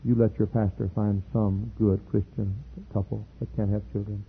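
A middle-aged male pastor telling a story in a sermon, earnest, repeating words and building to loud emphatic peaks. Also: on the low side, level tone, normal speed, vocal fry, a little hiss or hum. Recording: tinny lo-fi sermon tape.

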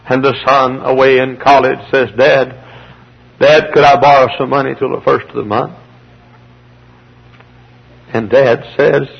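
A gravelly, husky-voiced man preaches a revival sermon. He swings from shouting peaks down to hushed, slow pleas. It sounds like a dull, lo-fi old sermon tape. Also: medium pitch. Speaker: pastor.

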